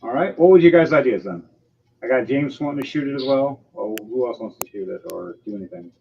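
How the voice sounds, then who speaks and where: A man's voice: mid-range voice, lively intonation, a little fast, creaky, a little hiss or hum. A man narrating as game master of a tabletop game, loose and full of ums and uhs. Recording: slightly dull, lo-fi sound with faint music behind.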